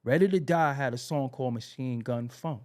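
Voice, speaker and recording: A man hosting a podcast, telling music history stories in a casual, animated way and repeating himself for emphasis. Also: medium pitch, normal speed. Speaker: podcast host.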